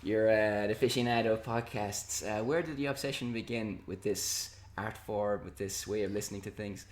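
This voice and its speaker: A man's voice: lowish voice, steady tone, normal speed. Hesitant male podcast host, echoey room. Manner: friendly, hesitant, many fillers and laughs. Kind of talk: interview questions.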